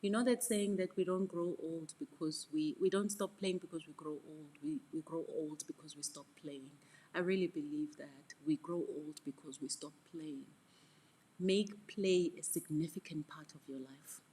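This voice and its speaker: Woman, middle-aged coach, low voice, husky, frank reflective motivational talk. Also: moderate pace. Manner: frank, reflective, repeats words, soft asides. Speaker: mentorship coach.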